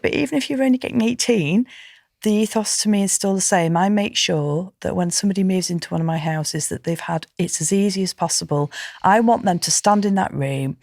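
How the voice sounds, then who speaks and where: Low-voiced emphatic woman. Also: brisk, gravelly, no echo, studio quality. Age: middle-aged. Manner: emphatic, indignant, animated storytelling. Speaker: podcast guest, professional landlord. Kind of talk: conversational interview.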